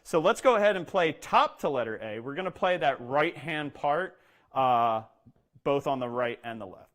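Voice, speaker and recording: A man's voice: medium pitch, expressive, normal speed, fairly bright tone. Male drum instructor, mid-range voice, patient step-by-step teaching, calls out rudiments rhythmically. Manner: explains step by step, says "okay?" often, speaks rudiment names in a rhythm. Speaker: percussion instructor. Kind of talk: instructional talk with demonstration.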